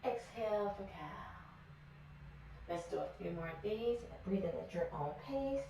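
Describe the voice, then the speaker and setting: A woman leading a kids yoga class, guiding poses gently and praising often. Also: medium pitch, animated, measured pace, vocal fry. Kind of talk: guided yoga class for children. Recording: echoey room from far off with faint noise.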